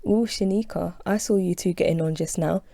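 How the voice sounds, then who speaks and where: A woman's voice: fairly low pitch, a little fast, vocal fry, warm tone, no echo. A woman reading an audiobook aloud, voicing a flamboyant, playful male office friend with a teasing, sassy manner.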